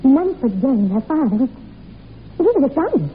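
A young woman acting in a 1940s radio drama, telling a dark family legend in an intense, breathless way. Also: high-pitched, sing-song, moderate pace. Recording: tinny old radio recording with faint hiss.

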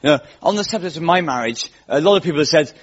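A man's voice: on the high side, lively intonation, quick pace, husky. A man doing a stand-up comedy monologue as host, telling self-mocking stories in a wry way. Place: live venue with audience. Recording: lo-fi live recording with audience laughter. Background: audience laughter.

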